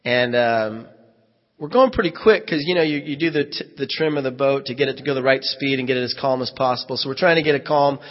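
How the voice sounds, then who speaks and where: A man's voice: mid-range voice, fast talker. A man, a pastor, telling a vivid first-person story in a sermon and acting out the dialogue. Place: church hall. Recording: echoey hall, dull lo-fi sound.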